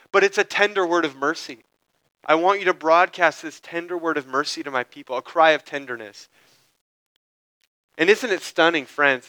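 A man, a pastor, preaching a sermon in a measured way, slowing down to stress key phrases. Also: fairly high pitch, pushed and bright, dry recording, low-quality recording.

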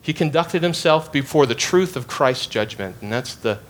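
A man's voice: a little high, expressive, normal speed. A man preaching an expository sermon, emphatic and repeating phrases to drive his points home.

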